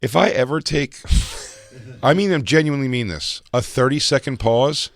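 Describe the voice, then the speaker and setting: A man co-hosting a podcast, trading dark jokes in casual chat and laughing often. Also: medium pitch, expressive, moderate pace, vocal fry. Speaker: podcast co-host.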